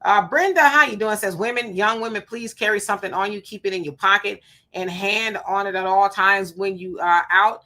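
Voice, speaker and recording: A middle-aged woman, hosting a live stream, reading viewer comments and telling stories in an animated, emphatic way; she is hot and sweating. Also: medium pitch, normal speed. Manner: animated storyteller, emphatic and preachy when warning.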